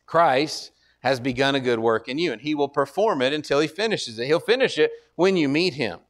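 Earnest preacher man, higher voice. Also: animated, moderate pace. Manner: earnest, repeats words, rises in pitch and force when exhorting. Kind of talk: sermon.

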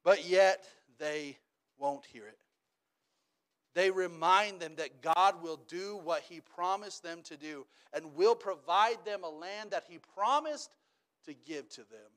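Man, pastor, high voice, animated, hushed to loud. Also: slow pace. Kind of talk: sermon.

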